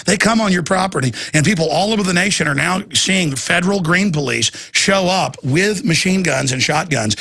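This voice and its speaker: A man's voice: fairly high pitch, vocal fry, pushed and bright, slightly rough. A man hosting a radio talk show with a heated rant, often repeating words as he gets worked up. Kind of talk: ranting radio monologue.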